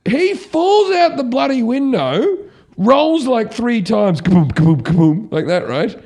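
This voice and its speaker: A man, a comedian and podcast host, telling a story in casual chat, growing loud and animated as the tension builds. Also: very high-pitched, takes it slowly, creaky. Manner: animated, grows loud and excited at the story's peak.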